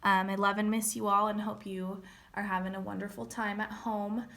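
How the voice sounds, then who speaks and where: A woman's voice: mid-range voice, flat delivery, moderate pace, gravelly, a bit bright. A young woman teaching a recorded grammar lesson, patiently explaining step by step and checking in with "okay?".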